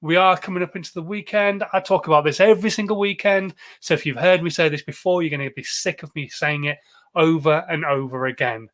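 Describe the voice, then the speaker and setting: A man's voice: a little high, a little fast, fairly bright tone. A man hosting a live show, talking casually to viewers and greeting them with frequent filler words. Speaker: host of a live social media show.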